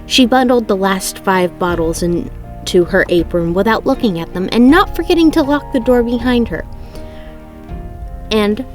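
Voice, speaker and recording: A woman reading a novel aloud chapter by chapter in a casual way, often correcting herself mid-sentence. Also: medium pitch. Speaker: reader of a book aloud. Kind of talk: casual read-aloud narration.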